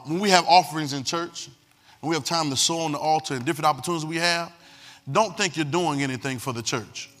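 A man preaches in a high, bright voice, repeating phrases and calling on his listeners to pay attention. Quiet music plays faintly behind him. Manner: emphatic, repetitive preaching with call-and-response. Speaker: pastor. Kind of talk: sermon.

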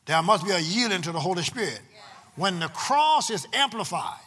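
Male preacher, slightly high pitch, husky, loud drawn-out preaching broken by fast quiet asides. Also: very animated, big-room sound. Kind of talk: sermon. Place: church sanctuary.

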